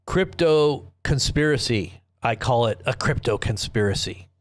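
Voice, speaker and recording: A man's voice: medium pitch, expressive, measured pace, dry recording. Guy hosting a live news stream, rambly and jokey, keeps cutting himself off, mid voice, dry close sound. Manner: rambling, self-interrupting, joking. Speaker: host. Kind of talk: casual livestream commentary.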